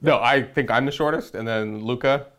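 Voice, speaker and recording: A man's voice: medium pitch, normal speed, fairly bright tone. A young man co-hosting a casual hobby chat, talking in a rambling, jokey way with frequent restarts. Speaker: co-host.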